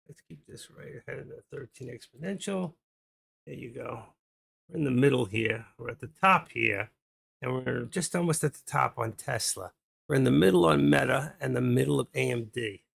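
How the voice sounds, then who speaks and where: A man's voice: mid-range voice, creaky, slightly rough. A man hosting a trading live stream, rambling casually and muttering his thoughts aloud as he goes.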